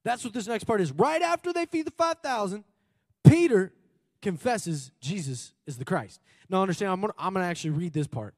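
A man preaching a sermon with a high, very lively voice, jumping between excited shouts and quiet asides. His voice is close and dry on the mic, with a long reverb tail from the hall. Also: fairly quick. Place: church hall. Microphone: handheld or stage mic.

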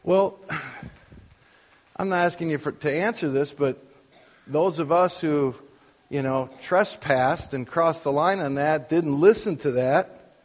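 A man's voice: a little high, slow pace, pauses often, big-room sound. An older man preaching as a pastor, conversational and full of questions to the congregation. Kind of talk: sermon. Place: church.

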